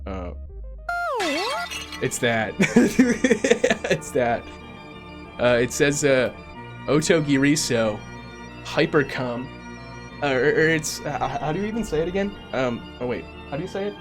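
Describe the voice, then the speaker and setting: A man's voice: on the high side, very animated, unhurried, pauses often, over music. A man in his twenties, tired and rambling in a casual chat as he winds down his livestream, stammering and often giggling. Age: 20s. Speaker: streamer.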